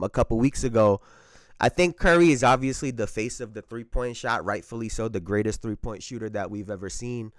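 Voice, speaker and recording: A man's voice: mid-range voice, a bit bright, no echo, studio quality. A man hosting a basketball commentary channel, giving his opinions in a conversational, emphatic way.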